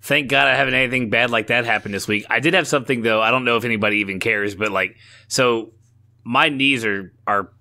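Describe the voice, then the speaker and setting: Guy cohosting a podcast, bright kinda sharp voice, rambly and sweary. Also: mid-range voice, fairly quick. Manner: rambling, profane, animated storytelling. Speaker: podcast co-host. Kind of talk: casual chat.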